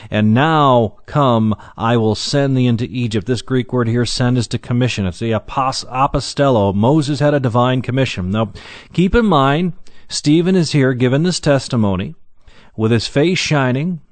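Male Bible teacher, mid-pitched voice, dry close sound, reads verses slowly then explains with hesitant restarts. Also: no room sound.

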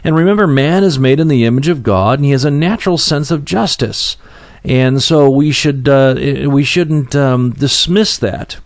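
A man's voice: mid-range voice, expressive, normal speed, no echo. Plain-spoken man teaching a sermon. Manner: plain-spoken, frequent fillers and restarts. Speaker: preacher. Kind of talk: conversational Bible teaching.

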